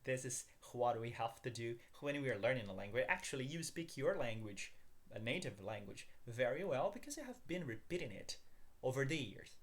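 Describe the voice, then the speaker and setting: A man's voice: mid-range voice, very animated, moderate pace, a bit bright. A man teaching a beginners' language lesson, upbeat, calling his viewers guys and asking them to repeat after him.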